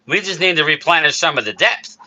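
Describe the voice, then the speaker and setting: Man, high voice, very bright tone, heated casual sports rant, live-stream host. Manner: heated, worked-up ranting with quick asides to chat. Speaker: streamer host reading chat.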